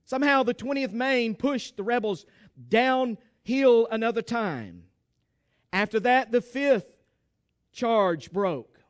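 High, smooth-voiced male preacher. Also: expressive, slow pace. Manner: dramatic, calls for congregation response. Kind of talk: sermon storytelling.

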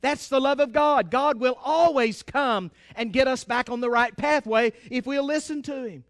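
Man, preacher, very high voice, dry close sound, fervent, emphatic. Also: moderate pace, dry recording. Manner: fervent, emphatic, calls for amens. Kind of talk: sermon.

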